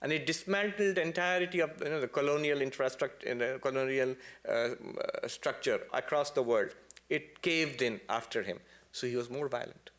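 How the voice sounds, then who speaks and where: Speaking to a temple congregation, a man offers a spiritual lecture built around animated storytelling. Playful asides mix with abrupt, high-pitched peaks of emphasis.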